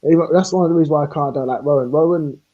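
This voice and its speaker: A man holds forth on a live stream, his voice sitting a little high as he rants and laughs through heated talk. He acts out the exchanges he quotes, and the stream audio is dull and lo-fi. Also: very fast.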